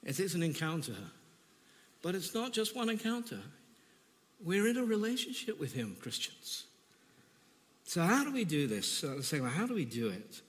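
A man preaching a sermon in a church, telling an emotional personal testimony with halting repetitions. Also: high voice, big pitch swings. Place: church hall. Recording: reverberant church hall.

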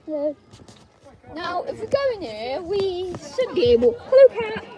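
A woman's voice: extremely high pitch, big pitch swings, a little slow. A young woman chatting playfully at a zoo, greeting the animals in a sing-song voice. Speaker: vlogger. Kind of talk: casual chat. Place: outdoor zoo. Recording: outdoor crowd chatter behind.

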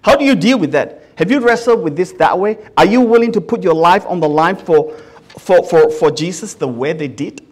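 High-voiced pastor preaching earnestly. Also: male voice, lively intonation, normal speed, slightly rough. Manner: earnest, asks the listeners many questions; often restarts words mid-sentence. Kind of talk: sermon.

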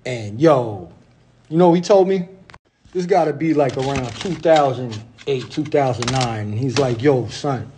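A man's voice: medium pitch, lively intonation, moderate pace, dark tone, a little hiss or hum. A man in his forties with a New York accent, a beatmaker telling stories in a laid-back, slangy way. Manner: laid-back street slang, lots of "you know what I'm saying". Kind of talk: casual storytelling vlog.

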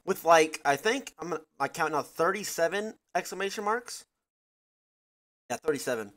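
A man streaming a game live, crude and brash, breaking into loud shouts between casual chat into a headset mic. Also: a little high, expressive, normal speed. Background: loud game music.

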